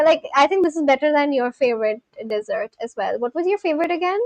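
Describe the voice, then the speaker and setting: A woman's voice: sits high, animated, fairly quick, few pauses, no echo, low-quality recording. A young woman chatting casually on a livestream, gushing and exclaiming often as she reacts to viewers.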